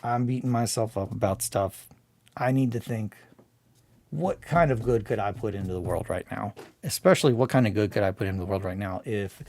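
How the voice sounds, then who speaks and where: A man's voice: medium pitch, darkish tone, slight background noise. A man hosting a hobby stream, talking in a casual, rambling way, restarting sentences and swearing freely.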